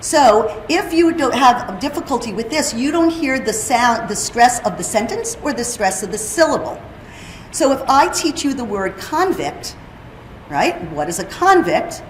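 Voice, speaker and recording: In a conference room, a woman presenting on hearing and speech explains her topic and puts questions to the audience. Her voice is fairly high and expressive at a moderate pace, with a little hiss or hum, and the roomy hall carries faint ambience.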